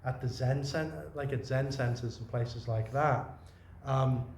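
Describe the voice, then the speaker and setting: A man's voice: medium pitch, fairly even intonation, unhurried, slight background noise. Meandering male Zen teacher, roomy sound. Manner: meandering, conversational, many restarts and soft asides. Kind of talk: informal dharma talk. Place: meditation retreat room. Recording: roomy echo with faint ambience.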